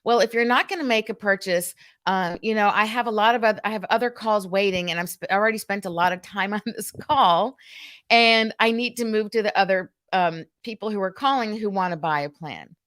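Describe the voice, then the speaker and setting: A woman quoting a pushy, slow-talking male sales agent in a light put-on voice. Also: mid-range voice, close to an everyday voice. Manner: slow, flat salesman patter.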